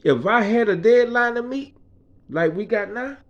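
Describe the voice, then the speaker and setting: Man doing a calm blunt contractor. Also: high voice, highs cut off, voice pushed up. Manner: slow, level and matter-of-fact. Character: calm, blunt male contractor boss, middle-aged.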